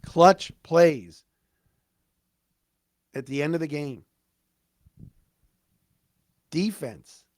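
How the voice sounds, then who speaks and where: A man hosting a solo sports podcast, recapping a game in an excited, emphatic, conversational way. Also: fairly high pitch, extremely slow, pauses often, no room sound. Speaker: podcast host.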